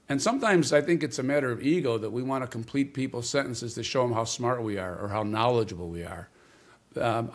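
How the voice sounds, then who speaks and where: A man as an interview guest, explaining communication ideas in a measured way and stressing key words. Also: mid-range voice. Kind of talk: interview conversation.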